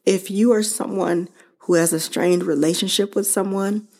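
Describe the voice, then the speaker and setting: A woman hosting her own show, speaking slowly and earnestly to listeners about losing her mother and how to grieve. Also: medium pitch, fairly even intonation, vocal fry, darkish tone. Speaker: podcast host. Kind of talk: personal reflective monologue.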